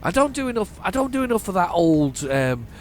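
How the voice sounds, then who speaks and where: A middle-aged man from northern England with a flat northern accent, chatting casually while playing a driving game, rambling and restarting his sentences. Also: sits high, brisk, soft background music. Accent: flat northern English. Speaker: gaming channel host. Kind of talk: casual let's-play commentary.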